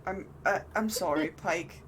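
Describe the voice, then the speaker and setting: A woman voicing Caspian, a gentle, flustered man who stammers and apologizes in a tabletop game. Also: lowish voice, unhurried, a little hiss or hum, lightly acted. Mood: apologetic. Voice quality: stammering, anxious. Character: flustered gentle male father figure Caspian.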